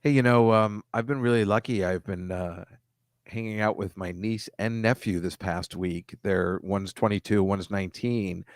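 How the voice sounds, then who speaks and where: A man in casual podcast chat, an animated storyteller who mocks voices and makes quick asides. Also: fairly low pitch, no room sound, studio quality.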